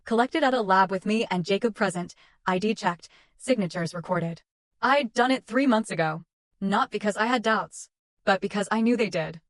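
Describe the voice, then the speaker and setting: A young woman tells a first-person story in short, measured, dramatic phrases. Her voice sits at a middle pitch. The recording is dry and close, with no room sound. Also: no room sound. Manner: measured, clipped dramatic delivery. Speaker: narrator.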